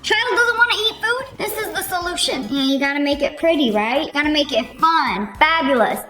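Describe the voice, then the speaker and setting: A young woman hosting a casual reaction video, chatty and animated, tossing in "like" and "bro" as she goes. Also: sits high, fairly quick. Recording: echoey room with faint music.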